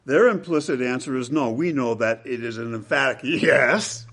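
A man preaching a sermon with dramatic, emphatic delivery, swinging between loud and hushed lines. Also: mid-range voice, normal speed, breathy edge.

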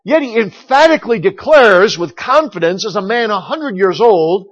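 A middle-aged man preaching a sermon from a church pulpit, emphatic, slowing down to stress the scripture he quotes. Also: high voice, expressive, slightly rough. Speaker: pastor. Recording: dull lo-fi recording.

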